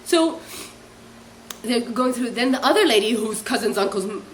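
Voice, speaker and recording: Young woman, vlogger, rambling storyteller, animated, some faint hiss. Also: fairly high pitch, moderate pace. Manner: chatty, animated, bursts into laughing shrieks; mimics other people's voices in quotes. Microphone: hairbrush held as a pretend mic, real mic unseen.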